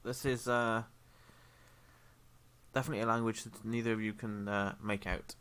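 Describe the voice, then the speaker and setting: Bright-voiced man running a tabletop game. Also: on the low side, fairly even intonation, normal speed, slight background noise. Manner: rambling, with frequent ums and apologies. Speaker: game master. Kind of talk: narrating a tabletop game stream. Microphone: headphones with a desk mic.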